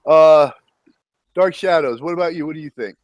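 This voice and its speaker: A man's voice: fairly high pitch, normal speed, a little mellow, no room sound. Give me a laid-back, cussing man hosting a gaming chat, recorded dry and close. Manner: laid-back, profane, chuckling. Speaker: podcast host.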